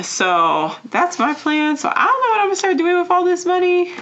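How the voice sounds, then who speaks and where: A young woman vlogger chatting casually as she counts cash into envelopes, often dropping to a soft murmur. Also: high voice, expressive, normal speed, few pauses, muffled recording. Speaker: vlogger doing budgeting videos.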